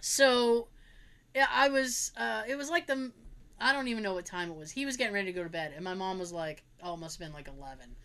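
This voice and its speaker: A woman's voice: mid-range voice, animated, fast, sharp tone. A young woman casually telling family stories, acting out relatives' voices, laughing and swearing as she goes. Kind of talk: casual storytelling chat.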